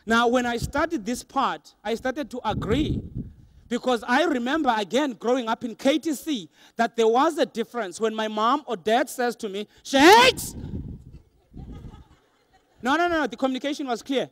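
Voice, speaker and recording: A young adult man giving an animated motivational keynote to a large audience, acting out voices for laughs. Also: very high voice, brisk. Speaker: motivational speaker. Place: large hall with a live audience.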